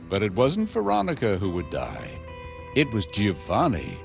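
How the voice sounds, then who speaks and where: A man tells a news story in a dramatic, scripted style, and his pitch rises and falls widely. Music plays clearly beneath his voice. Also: wildly swooping pitch, normal speed. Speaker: news narrator. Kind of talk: scripted narration. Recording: music bed underneath.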